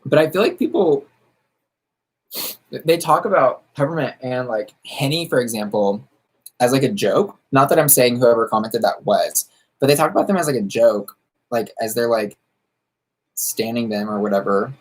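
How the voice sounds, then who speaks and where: A campy, sassy man talks casually on a livestream, firing back answers to his viewers in drag slang. He is from the United States and keeps chatting while he does his makeup. His voice sits at a middling pitch for a man. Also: expressive, normal speed. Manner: doing makeup while talking. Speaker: drag queen streamer answering viewer questions.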